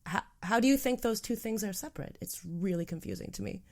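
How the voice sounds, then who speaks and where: A woman hosting a travel podcast, talking in a frank, animated way with plenty of "like" in her conversational speech. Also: medium pitch, brisk. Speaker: podcast host.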